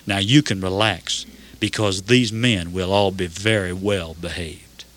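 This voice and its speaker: A man voicing a stern but caring prison captain with a Georgian accent, speaking firmly and slowly. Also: low-pitched, fairly even intonation, a bit bright, pitched below the performer's own voice.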